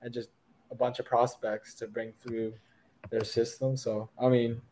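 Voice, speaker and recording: A podcast co-host chatting casually, reacting and laughing easily. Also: male voice, medium pitch, little pitch movement, a little slow, mellow, poor audio. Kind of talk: casual chat.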